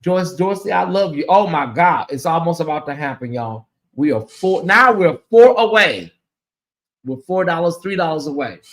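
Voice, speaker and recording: Man, high voice, sleepy livestream host, chatty and emotional with viewers. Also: expressive, moderate pace, fairly bright tone. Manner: chatty, emotional, thanking donors by name. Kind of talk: casual livestream chat.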